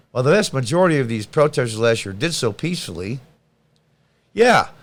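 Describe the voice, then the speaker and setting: Sarcastic male political commentary host. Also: medium pitch. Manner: sarcastic, combative, blunt. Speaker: podcast host. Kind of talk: political commentary reading news aloud.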